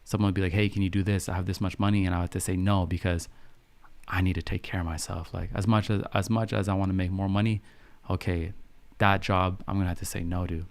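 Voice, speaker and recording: Young male streamer, very low pitch, calm unhurried delivery, dry room. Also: no room sound. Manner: calm, soft-spoken, unhurried. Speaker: podcast host on a live stream. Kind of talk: casual live-stream chat, answering viewer questions.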